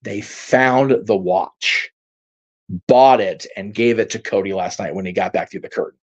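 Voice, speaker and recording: A man's voice: on the low side, a little slow. A man hosting a casual livestream, reading out viewer comments and reacting in a rambling, heated way, swearing freely and using many fillers. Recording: dull lo-fi stream audio.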